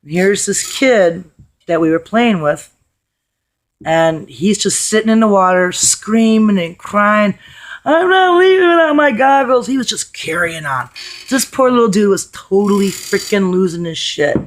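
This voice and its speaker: A woman with a hoarse, worn voice tells a story to her camera in a loose, chatty way. She is blunt and swears casually as she talks. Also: medium pitch, measured pace. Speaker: vlogger.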